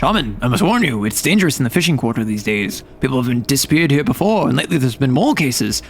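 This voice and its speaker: A wary villager, voiced by a man reading game dialogue aloud, hurries through a warning. The pitch rises and falls a lot and the words tumble out fast. A faint hiss sits under the voice. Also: sing-song. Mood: urgent.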